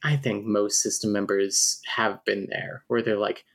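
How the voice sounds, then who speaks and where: A man's voice: fairly low pitch, steady tone, measured pace, fairly bright tone. A man hosting a casual podcast chat, talking loosely with frequent fillers and reading passages aloud. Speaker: podcast host reviewing a book.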